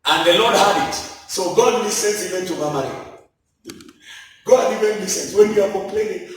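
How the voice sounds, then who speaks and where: A man's voice: high-pitched, normal speed, a little hiss or hum. A man preaching a sermon with emphatic repetition and scripture quotes, from Kenya. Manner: emphatic preaching, repeating key lines, quoting scripture. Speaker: apostle preaching. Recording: echoey church hall, voice from far off.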